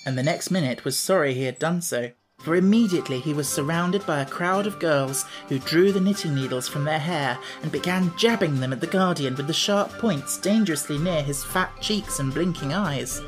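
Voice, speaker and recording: Male audiobook narrator, measured storyteller, light music underneath. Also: on the high side. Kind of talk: scripted narration.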